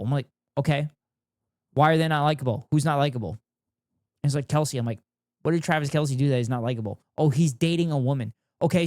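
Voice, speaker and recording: A man's voice: fairly high pitch, darkish tone, dry recording, clean studio sound. A young man streaming, chatting casually and ranting with heavy swearing and sarcasm. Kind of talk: casual stream chat, reacting and reading chat.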